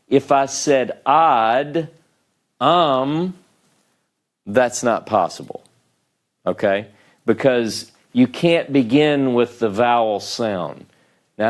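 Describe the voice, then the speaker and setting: Southern man, classroom teacher, slow and methodical, checks in often with the class. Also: mid-range voice. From Southern United States. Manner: patient step-by-step explaining, checks in with "okay?" and "right?". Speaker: Hebrew teacher. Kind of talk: classroom lecture.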